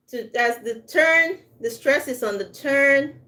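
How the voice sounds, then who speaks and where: Female English tutor, live online session, slow and patient, models stress out loud, bilingual asides in French. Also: sits high, a little hiss or hum. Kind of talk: live online language lesson.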